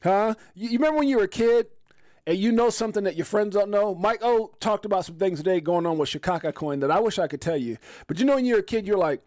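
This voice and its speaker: A man hosting a casual live stream, excitable and joking, often exclaiming as he runs through prices. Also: high voice, fast talker. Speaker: crypto live stream host.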